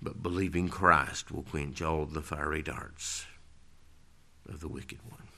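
A male pastor preaching a sermon, emphatic, swinging from loud declarations to low, quiet lines. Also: steady tone, slow pace, gravelly.

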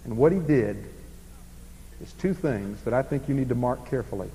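A man preaching an expository sermon, swinging from emphatic passages to hushed ones. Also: mid-range voice, expressive, normal speed, long reverb tail, a little hiss or hum, poor audio.

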